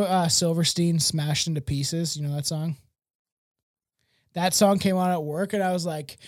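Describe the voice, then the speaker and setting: Rambling high-voiced podcast man. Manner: rambling, swears a lot, filler-heavy. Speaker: podcast co-host. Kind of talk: casual chat.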